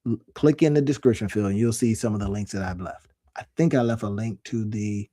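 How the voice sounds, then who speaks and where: A man's voice: lowish voice, a little fast, warm tone. A man talking casually to camera as an online business coach, emphatic and fond of repeating his points. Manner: folksy, emphatic, repeats phrases for effect. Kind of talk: casual direct-to-camera talk.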